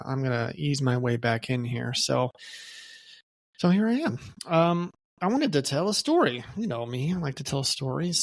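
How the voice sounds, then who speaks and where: A man's voice: on the high side, gravelly. A man hosting his own podcast, telling a story alone in a loose, conversational way and often checking in with "okay?". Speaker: podcast host. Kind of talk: casual solo storytelling.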